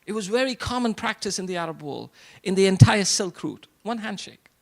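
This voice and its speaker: A man's voice: high-pitched, animated, fairly quick, creaky. A middle-aged man giving a motivational speech to a live audience at a business networking event, asking rhetorical questions and repeating short punchlines. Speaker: event speaker. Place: event hall before an audience.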